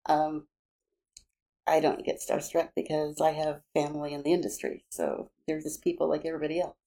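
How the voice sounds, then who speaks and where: Woman, Kentucky accent, warm tone, easygoing, matter-of-fact, podcast guest. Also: low voice, a little fast. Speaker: guest, actress. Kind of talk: casual podcast chat.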